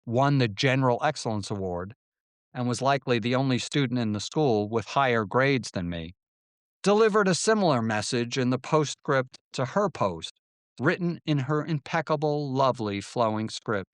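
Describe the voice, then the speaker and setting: A man's voice: medium pitch, lively intonation, normal speed, dry recording, studio quality. A man narrating his own memoir in a wry storytelling manner, now and then voicing quoted lines. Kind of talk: audiobook memoir reading.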